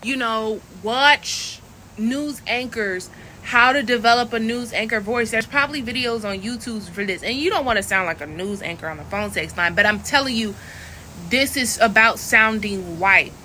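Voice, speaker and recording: Brief: woman from Florida, casual vlog coach, bright, blunt and chatty, fairly high voice. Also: slight background noise. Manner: chatty and blunt, laughs often. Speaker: online coach.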